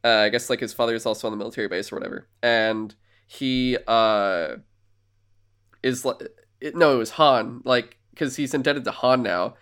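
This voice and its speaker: A man's voice: medium pitch, clear, resonant tone. A man co-hosting a podcast, recapping a film in loose, rambling chat and acting out lines from it. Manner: rambling, animated movie recap with acted-out quotes and laughs. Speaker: podcast co-host. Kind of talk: casual chat.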